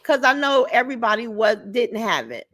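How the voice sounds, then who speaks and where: High-voiced woman ranting on a livestream. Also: very animated, normal speed. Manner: blunt and profane, warm to viewers. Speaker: livestream host. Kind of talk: casual livestream chat reading comments.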